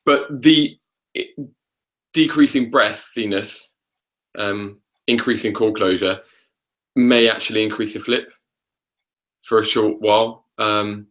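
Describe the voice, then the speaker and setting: A man's voice: on the low side, slow, long pauses, a bit bright, rough recording. A man, a vocal coach, talking casually on a webinar in an easygoing, encouraging way. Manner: easygoing, encouraging, hesitant fillers.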